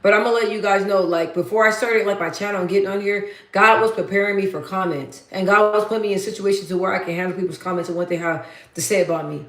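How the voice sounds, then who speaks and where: Deep-voiced, blunt woman streamer. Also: fairly even intonation, fast talker, fairly bright tone. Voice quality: deep, bassy voice. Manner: blunt, matter-of-fact, repeats herself for emphasis. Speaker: livestream host. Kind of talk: casual livestream chat. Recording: roomy echo.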